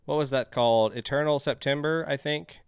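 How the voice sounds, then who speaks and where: A man's voice: medium pitch, a little fast, clean tone, no echo, studio quality. A man streaming a game live, reading the on-screen text aloud and joking with his chat in a chatty, casual way.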